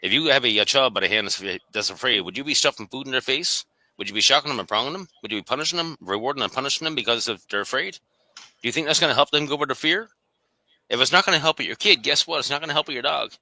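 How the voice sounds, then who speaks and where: A man hosting a casual conversation, making his point with quick, pointed rhetorical questions. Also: mid-range voice, lively intonation, pushed and bright, no room sound, poor audio. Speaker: podcast host.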